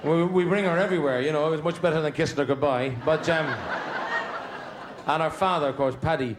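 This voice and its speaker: A middle-aged man with a Dublin accent telling comic stories on stage in a chatty, deadpan way. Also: on the high side, a little fast, noisy background. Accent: Dublin Irish. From Dublin, Ireland. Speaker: stand-up comedian. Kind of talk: stand-up comedy storytelling.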